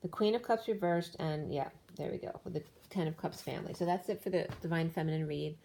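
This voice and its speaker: Tarot reader, woman, fairly low and mellow, voice going hoarse, meandering read-through of cards. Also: fairly quick. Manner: rambling, listing cards with many restarts. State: losing her voice. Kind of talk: tarot card reading.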